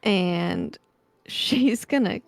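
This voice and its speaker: A woman taking part in a tabletop game as a player, talking in a relaxed, casual way. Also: fairly low pitch, extremely slow, vocal fry, no room sound.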